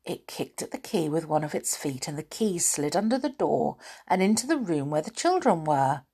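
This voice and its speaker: Breathy woman reading a storybook aloud. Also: low voice, normal speed. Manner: animated, dropping to whispers. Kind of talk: reading a children's book aloud.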